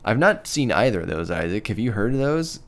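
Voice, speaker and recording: A man's voice: on the low side, very animated, brisk. A man co-hosting a casual podcast chat, talking in a thoughtful, hedging way. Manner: thoughtful, hedging, apologetic about pronouncing names. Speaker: podcast co-host.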